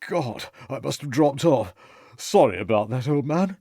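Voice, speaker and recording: A man's voice: medium pitch, animated, a little slow, mellow, no room sound, studio quality, voice pushed up. Man doing a tipsy, rambling young toff. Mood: sheepish. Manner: slurring, chatty, self-pitying.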